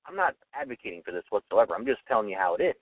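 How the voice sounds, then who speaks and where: Fast-talking young man on a tinny line. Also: lowish voice, sing-song, no room sound, recorded from a distance. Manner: argumentative, acts out quoted voices. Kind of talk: opinionated solo monologue. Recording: tinny phone-line sound from off-mic.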